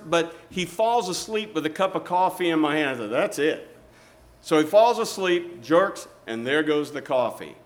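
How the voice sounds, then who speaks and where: A man telling a story in a sermon, animated and acting out the people in it. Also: a little high.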